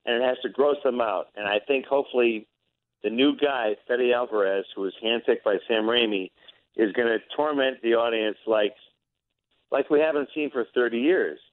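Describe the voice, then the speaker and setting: A man's voice: medium pitch, normal speed, dry recording. Guy from oregon talking up his city and a movie, eager, sounds like a phone line. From Oregon, USA. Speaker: interview guest. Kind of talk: casual interview. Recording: tinny phone line, dry.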